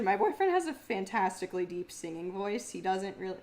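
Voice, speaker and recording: A woman's voice: very animated, normal speed, a little mellow. A young woman hosting a casual livestream in a mumbly, grumbly voice, chatting, swearing freely and laughing often. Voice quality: mumbly, grumbly low speaking voice. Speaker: livestream host and singer. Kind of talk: casual livestream chat reading viewer comments.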